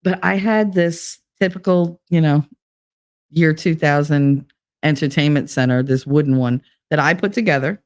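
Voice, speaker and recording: A woman's voice: low-pitched, moderate pace. A middle-aged woman chats loosely with her viewers, drifting from story to story. She laughs often and leans on fillers as she reads out the chat. She talks from a room with bare walls and no curtains. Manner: rambling and chatty, with frequent laughs and fillers. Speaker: live streamer reading chat. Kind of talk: casual live-stream chat.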